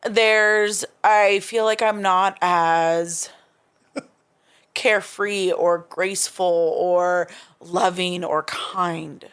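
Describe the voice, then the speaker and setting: A woman's voice: fairly low pitch, steady tone, drawn-out words, fairly bright tone, clear, resonant tone. A woman in her thirties talking casually as a podcast guest, hesitant and searching for words with many restarts. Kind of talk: casual recovery-group conversation.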